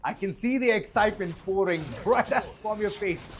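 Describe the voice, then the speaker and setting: A man casting an esports match, energetic play-by-play commentary. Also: sits high, moderate pace, few pauses, slight background noise. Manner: energetic, building hype. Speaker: esports caster.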